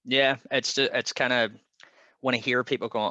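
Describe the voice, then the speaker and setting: A man hosting a podcast in casual wrestling chat, talkative and quick to laugh. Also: medium pitch, level tone, pushed and bright, no room sound, highs cut off. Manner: chatty, laughs often, quick asides. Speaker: podcast host.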